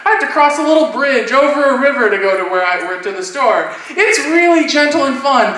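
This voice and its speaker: A man's voice: very high voice, brisk. A man telling a stand-up story at a convention panel, animatedly acting out the people in it. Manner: animated, acts out voices in anecdotes. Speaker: stand-up comedian. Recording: echoey room from far off.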